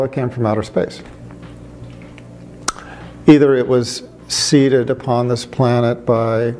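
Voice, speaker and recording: A middle-aged man, a former atheist doctor, making a measured argument with dry humor. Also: medium pitch, warm tone, a little hiss or hum. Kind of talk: reflective monologue.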